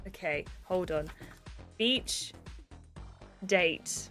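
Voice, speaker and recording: A woman's voice: fairly low pitch, drawn-out words, a bit bright, faint music behind. A woman livestreaming herself playing a game, chatting in scatterbrained asides with frequent giggles, speaking into a webcam setup at her desk. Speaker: gaming streamer. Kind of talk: live gameplay commentary.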